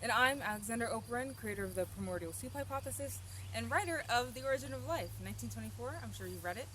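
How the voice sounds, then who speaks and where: A teenage girl doing a proud Soviet male scientist explaining his theory with smug ease, in her own voice. Her voice is a little high over a hissy homemade recording. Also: animated, fast talker, lightly acted. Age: late teens. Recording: noisy home video recording.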